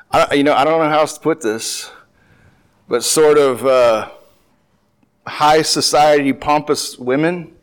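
A man's voice: on the high side, rough recording. A man teaching through a Bible passage verse by verse, reading the old text aloud and then explaining it in everyday words, often restarting his sentences. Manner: conversational, with frequent restarts and filler; reads scripture aloud and then explains it plainly.

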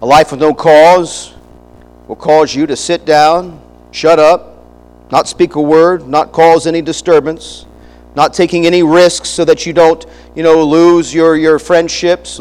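A middle-aged man preaching with a notably high voice. He speaks emphatically in a preacher's cadence, restarting phrases and throwing in asides to his congregation. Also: fairly even intonation, a little slow, darkish tone, long reverb tail, low-quality recording. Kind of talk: sermon.

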